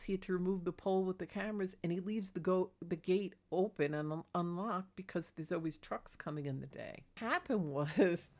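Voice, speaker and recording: A woman's voice: lowish voice, a little mellow. A middle-aged woman on a small clip-on mic, telling a neighborhood story in a chatty, indignant gossip vlog. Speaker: vlogger. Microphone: clip-on microphone.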